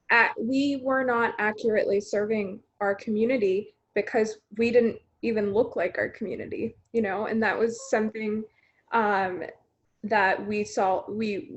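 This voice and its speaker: Woman hosting over dull video call audio. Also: mid-range voice. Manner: conversational, many fillers. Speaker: panel host, news editor. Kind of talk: video call panel discussion.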